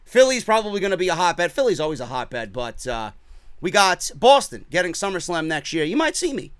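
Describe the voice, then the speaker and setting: A man's voice: sits high, very animated, a little fast, clear, resonant tone, no room sound, clean studio sound. A man with a New York accent hosting a wrestling podcast, ranting with sarcastic, profane commentary. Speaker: podcast host.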